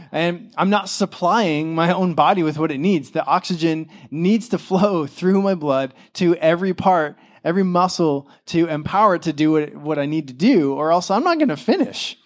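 A man's voice: on the high side, normal speed. A young man, a father, preaching a casual, chatty sermon, full of fillers and acted-out quotes. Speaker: pastor.

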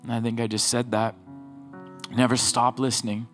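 A middle-aged man gives a sermon at an ordinary mid pitch. He speaks loosely and conversationally, leaning on personal stories and then lifting into emphatic, urgent exhortation. Faint instrumental music plays quietly in the background. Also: little pitch movement, moderate pace. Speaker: pastor.

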